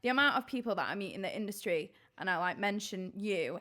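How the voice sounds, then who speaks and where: A woman's voice: medium pitch, expressive, quick pace, bright, forceful tone. A young woman hosting a podcast, chatting in an effusive, affectionate way and laughing easily. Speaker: podcast host. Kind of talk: casual podcast chat.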